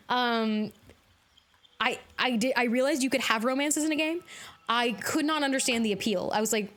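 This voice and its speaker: A woman streaming a video game live, chatting casually with her viewers, bubbly and quick to laugh. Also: on the high side, a bit bright. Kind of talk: casual live-stream chat while gaming.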